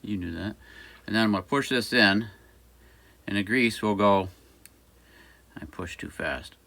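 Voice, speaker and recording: A folksy man chats his way through a repair job, rambling and cracking small jokes as he goes. His voice is on the low side but bright and forceful. He drifts around the bench near a camera mic. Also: unhurried, creaky. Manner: folksy, rambling, jokey asides. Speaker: small engine repair shop owner. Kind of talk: casual workshop how-to talk. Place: workshop by a busy road.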